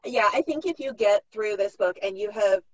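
A middle-aged woman, an author and clinician, guests on a podcast interview, explaining things in a practical way and acting out parents' thoughts. Her medium-pitched voice is expressive and at a normal speed. The audio is dry, dull and lo-fi, with no echo.

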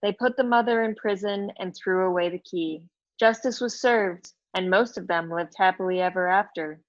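A woman's voice: mid-range voice, normal speed, dry recording, lo-fi sound, natural voice. A woman reading her own novel aloud as a defiant, sarcastic woman in her fifties just out of prison, with a flip, cheeky manner. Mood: mocking.

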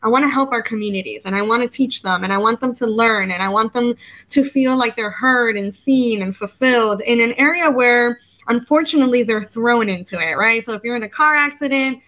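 A woman in her thirties from the United States, a guest on an interview show, talking in a casual, animated way and often acting out her own past words. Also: a little high, fairly quick, low-quality recording. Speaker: podcast guest, legal educator.

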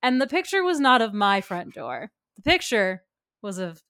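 A young woman hosting a podcast, telling stories in a casual, animated way with lots of fillers and laughs. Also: medium pitch, normal speed, no echo, clean studio sound. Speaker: podcast host. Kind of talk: casual chat.

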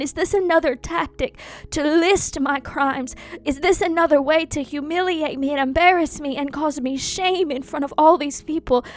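A woman performing a first-person dramatic monologue, anguished and intense, full of pauses and repeated phrases. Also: sits high. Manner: slow, anguished and intense, with many pauses and repetitions.

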